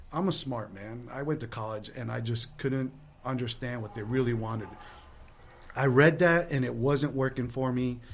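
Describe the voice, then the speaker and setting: Brief: man, mid pitch, candid storyteller, self-deprecating, earnest. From Latin American heritage. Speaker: guest sharing recovery story.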